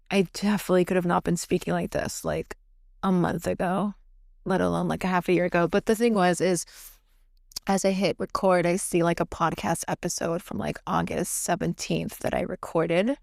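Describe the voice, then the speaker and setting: A woman's voice: fairly low pitch, gravelly, a little mellow, dry recording, clean studio sound. A young woman hosting her own podcast late at night at home, talking frankly and profanely with lots of fillers and laughing through heavy topics. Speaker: podcast host. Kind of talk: candid solo podcast monologue.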